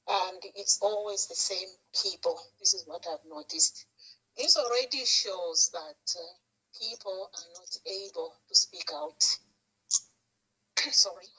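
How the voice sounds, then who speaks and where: A woman's voice: mid-range voice, lively intonation, slow, gravelly, pushed and bright. A woman from Zambia with a Zambian accent, calling in to a radio talk show anonymously and speaking in a heartfelt, pleading way, repeating herself. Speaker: anonymous caller. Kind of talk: emotional call-in comment. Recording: phone line on radio.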